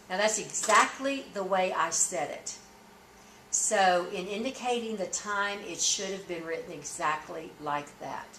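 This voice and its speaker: A lower-voiced woman reads practice testimony aloud, saying each comma and period, and stops to explain formatting choices. She is recorded in an echoey room with a faint hum behind her. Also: fairly bright tone. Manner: measured dictation, then explaining points. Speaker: court reporting instructor. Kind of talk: dictation lesson with punctuation spoken aloud.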